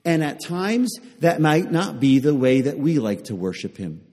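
Preaching man with a mellow, fairly high voice. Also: very animated, measured pace, big-room sound. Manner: repeated rhetorical questions to the congregation. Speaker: pastor. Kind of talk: sermon.

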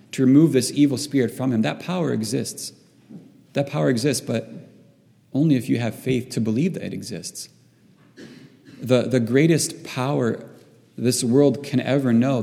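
A man's voice: medium pitch, creaky, warm tone. A man preaching a sermon to his church. He halts often and repeats words while he searches for the right phrasing. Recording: long reverb in a hall.

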